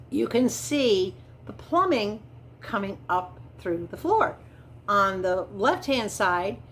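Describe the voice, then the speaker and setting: A middle-aged woman talks casually to her viewers, chatty and enthusiastic, drifting from point to point with small fillers. Her voice sits at an ordinary middle pitch. A faint hiss of background noise runs under the recording. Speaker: vlogger. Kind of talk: casual chat narrating a home build.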